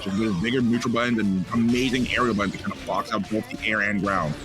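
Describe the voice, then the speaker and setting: A man commentating a fighting game tournament, excitable and quick to shout at big plays. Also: fairly low pitch, over music.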